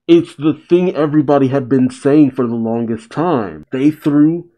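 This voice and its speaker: A man reading a comic chapter aloud and reacting to it, animated and close to tears at times. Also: mid-range voice, unhurried, low-quality recording. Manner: excitable, reads aloud then comments, chokes up. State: emotional, tearing up. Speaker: reaction video host.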